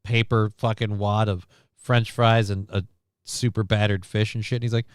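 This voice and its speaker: A man hosts a stream in loose, rambling chat, full of jokes and casual swearing. His voice is smooth and clear. The sound is dry and close to the mic. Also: on the low side, fairly even intonation, moderate pace, dry recording. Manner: joking, rambling, swears freely. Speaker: stream host. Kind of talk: casual chat reacting to news clips.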